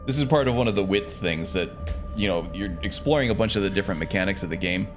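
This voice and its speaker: A low-voiced man chats his way through a video game at home, loose and unhurried, trailing off into fillers as he thinks out loud. Background music sits clearly under his voice. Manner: relaxed, rambling with fillers. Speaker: streamer. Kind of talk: casual gameplay commentary. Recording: music playing behind.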